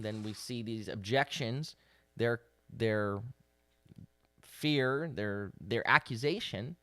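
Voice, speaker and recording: A man, a rabbi, giving a livestreamed daily Bible teaching, halting with fillers and then pressing hard on the scripture. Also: medium pitch, smooth, dry recording, clean studio sound. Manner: halting with many fillers, rising to forceful emphasis on scripture. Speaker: rabbi leading a daily devotional.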